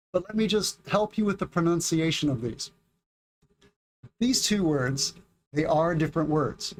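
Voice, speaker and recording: A man from the United States, middle-aged, teaching a casual English lesson on a livestream, reading chat and drilling pronunciation slowly and clearly. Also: a little high, darkish tone, slight background noise.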